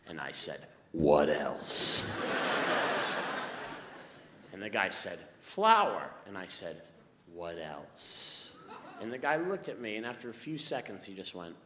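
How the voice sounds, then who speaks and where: Man, stand-up comic, mutters then yells, booming hall reverb, stage mic. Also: sing-song, moderate pace. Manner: builds from low mutters to yelling rants. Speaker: stand-up comedian. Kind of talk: stand-up storytelling. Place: live comedy stage in a hall. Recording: echoey hall with background noise.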